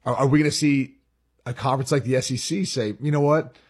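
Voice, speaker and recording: A man's voice: mid-range voice, fast, husky. A man co-hosting a sports talk show, thinking aloud and often repeating words as he explains. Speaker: sports radio co-host.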